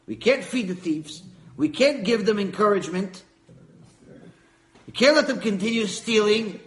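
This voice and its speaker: A man's voice: sits high, expressive, measured pace. A man plays a strict, rule-bound guard who scolds firmly. The voice rises and sounds emphatic. It echoes around a large room. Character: strict male guard denying food.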